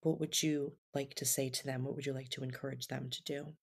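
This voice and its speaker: Brief: woman host with an unusually low voice, gentle validating interviewer. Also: little pitch movement, brisk, vocal fry, breathy edge. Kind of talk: interview questions.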